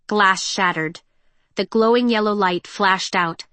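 A woman reading an audiobook in a measured, tense and expressive way. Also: mid-range voice, no room sound. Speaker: narrator. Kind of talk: audiobook narration.

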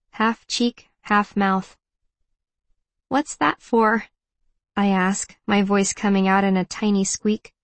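A woman narrating a first-person audiobook in a reflective, measured way. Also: mid-range voice, no room sound.

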